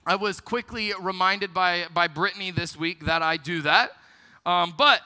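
High-voiced young man, sermon to teens, ringing hall reverb. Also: normal speed. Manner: storytelling, lively, self-deprecating. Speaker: youth pastor. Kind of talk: youth ministry sermon.

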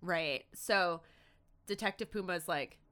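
A woman co-hosting a podcast, recapping a TV episode in a casual, animated way and full of "like" and "um". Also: lowish voice, measured pace. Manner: animated retelling, acts out quotes, many likes and ums. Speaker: podcast co-host.

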